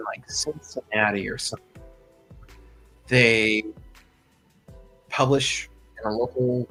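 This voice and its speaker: A man's voice: mid-range voice, sharp tone, rough recording. A man hosting a livestream, telling a story in a chatty, rambling way full of asides. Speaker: host.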